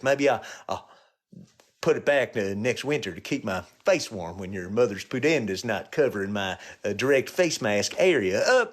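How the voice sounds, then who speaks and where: Man rambling crude jokes on a live stream. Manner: crude, joking, swings between low mutters and high yelps.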